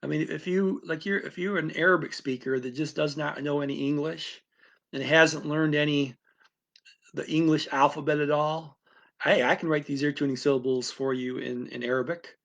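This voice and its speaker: Man, somewhat high voice, rambling teacher, casual explanation, restarts. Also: steady tone, moderate pace, vocal fry, fairly bright tone, highs cut off. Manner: rambling, with frequent restarts and asides. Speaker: language teacher. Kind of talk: unscripted explanatory talk.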